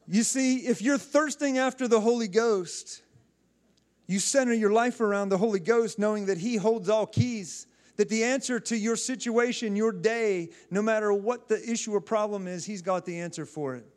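A man's voice: sits high, normal speed. A male pastor preaching a sermon, fervently exhorting the congregation with calls and responses and often repeating and restarting his phrases.

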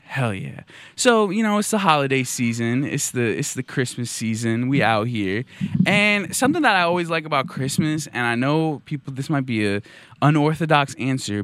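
A young man hosts a casual comedy chat show from a radio studio. He tells rambling, playful stories with a very lively, bouncing pitch. His voice is close on a studio mic and dry. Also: dry recording. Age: young adult. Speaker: podcast host. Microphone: studio microphone.

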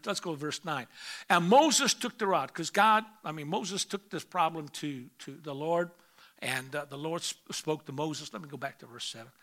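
Pastor, male, high bright voice, preaching with loud bursts and quiet asides. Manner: reads scripture aloud in old English. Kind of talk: sermon.

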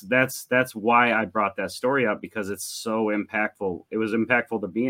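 Earnest low-voiced male podcast host. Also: a bit bright. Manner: earnest, repetitive, restarts often. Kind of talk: casual conversation.

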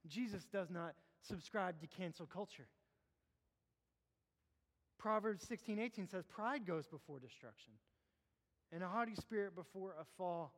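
A man preaching a sermon as a pastor, impassioned, swinging between loud urging and low hushed appeals. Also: animated, measured pace, long pauses. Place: church sanctuary. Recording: long hall reverb.

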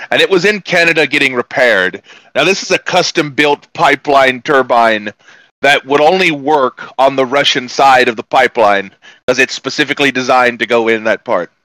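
A man in casual political podcast chat, telling stories in an animated, mocking way with plenty of swearing. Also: medium pitch, dry recording, poor audio. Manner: animated storyteller, profane, mocking.

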